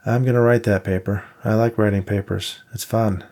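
A dry, sarcastic young woman student, voiced by a male narrator in an audiobook. She is delivered low and gravelly, with little lift from the reader's own voice. Her tone stays flat and unimpressed. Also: moderate pace, lightly acted.

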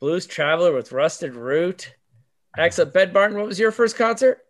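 A middle-aged man hosting a podcast, asking questions in a quick, playful way. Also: high-pitched, expressive. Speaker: podcast host. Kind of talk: casual chat.

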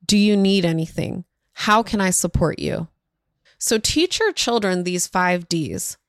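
A woman's voice: fairly low pitch, creaky, no room sound, clean studio sound. A woman hosting a parenting podcast who gives earnest, direct advice and talks to her listeners as "y'all". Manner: direct, warmly instructive, addresses listeners as y'all.

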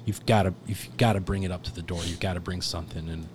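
In a casual storytelling setting, a thirtysomething male firefighter guest rambles profanely and laughs a lot. His voice sits low with fairly even intonation and a quick pace, over a little hiss or hum.

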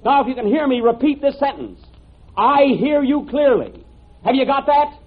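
A pompous, exasperated inventor. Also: male voice, extremely high pitch, quick pace. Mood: impatient. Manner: theatrical, exasperated, pleading. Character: pompous male inventor demonstrating the telephone. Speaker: host. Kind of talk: 1930s radio comedy acting. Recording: tinny 1930s radio broadcast with hiss.

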